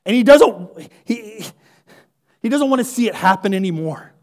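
A man preaching a sermon, moving between hushed near-whispers and loud, fervent emphasis, building with repeated phrases. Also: sits high, animated, normal speed.

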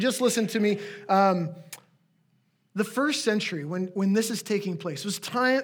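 Man, high-pitched voice, pastor, conversational sermon, friendly asides. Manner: conversational, warm asides to the congregation.

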